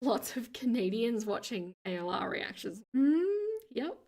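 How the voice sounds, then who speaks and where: A woman with an Australian accent hosts a relaxed livestream, reading out viewer comments and answering them. Her voice sits a little high, with vocal fry when she drops into her lower register, and she laughs easily as she talks. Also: a little slow. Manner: chatty, laughs often, reads comments aloud. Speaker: livestream host.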